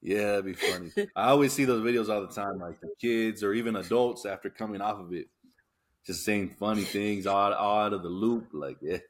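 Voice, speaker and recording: A man cohosting a podcast in relaxed, agreeable casual chat. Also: on the low side, fairly quick.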